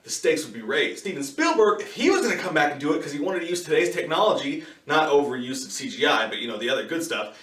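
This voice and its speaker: A man giving a casual, profane movie review, ranting in an animated way and slipping into quick impressions. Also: on the high side, far from the mic. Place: in his car. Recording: echoey room, voice somewhat off-mic.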